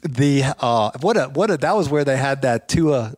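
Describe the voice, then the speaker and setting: A man who runs a lawn care business, telling rambling, animated anecdotes in casual chat. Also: mid-range voice, moderate pace, no echo, clean studio sound.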